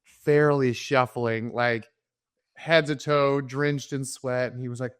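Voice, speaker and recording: A man's voice: medium pitch, steady tone, slow, clear, resonant tone, dry recording. A male podcast host talks in an easygoing, casual way on a dry recording. He asks his questions plainly and keeps things agreeable with short affirmations.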